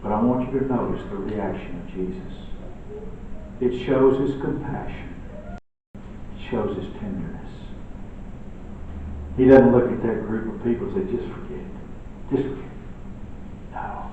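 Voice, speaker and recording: A man preaching a sermon, swinging between loud emphatic lines and hushed quiet ones. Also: on the low side, unhurried, long pauses, slight background noise. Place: church sanctuary. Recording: echoey church room from far off, dull.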